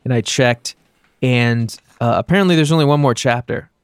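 A man's voice: medium pitch, normal speed, smooth, no echo, studio quality. A man co-hosting a podcast, talking casually and at length about a video game he is playing. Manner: laid-back, rambling gamer talk. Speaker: podcast co-host. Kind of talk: casual chat.

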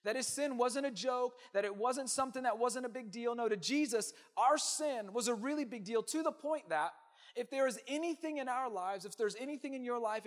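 A man preaching a sermon as pastor, emphatic, swinging from loud declarations to hushed asides. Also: extremely high pitch.

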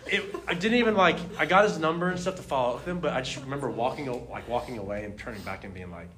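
A young man telling a personal faith testimony in a casual, animated way, laughing often and filling his talk with "like". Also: mid-range voice, fast talker. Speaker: speaker sharing a testimony.

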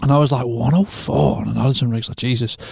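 A man's voice: mid-range voice, steady tone, fast, gravelly, a little mellow, breathy edge, dry recording. A man hosting a podcast in a studio, telling stories in casual chat, swearing and laughing as he goes. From England. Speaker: podcast host. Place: recording studio.

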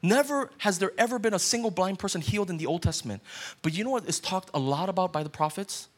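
A man's voice: sits high, quick pace. A man, a pastor, preaching a sermon in an earnest way and putting questions straight to his listeners.

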